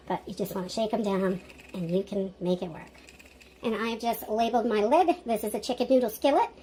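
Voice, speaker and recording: Brief: cheerful woman cooking-demo host, slightly high voice, loud kitchen clatter. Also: heavy background noise. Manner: upbeat, instructive. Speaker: home cook demonstrating a recipe.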